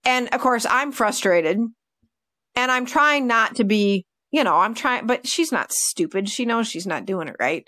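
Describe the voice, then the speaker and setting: A woman dog trainer telling stories in a casual podcast chat, animated and full of fillers. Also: a little high, a little slow, no echo, clean studio sound. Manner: chatty, animated, with many fillers like "like" and "you know".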